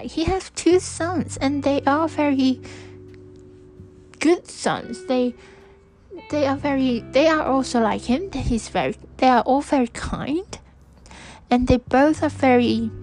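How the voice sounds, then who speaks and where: A young woman speaks slowly in a fairly high voice, hesitating and restarting often as she reflects aloud on a solo podcast. Soft music plays faintly behind her. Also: low-quality recording. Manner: slow, hesitant, with many restarts and fillers. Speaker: podcast host. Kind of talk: personal reflective monologue.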